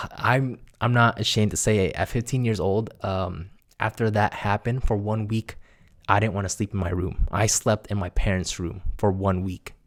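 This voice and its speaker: Animated young man telling a spooky story. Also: on the low side, moderate pace. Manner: animated, laughing, acts out quotes. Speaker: storyteller vlogger. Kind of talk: casual storytelling to camera.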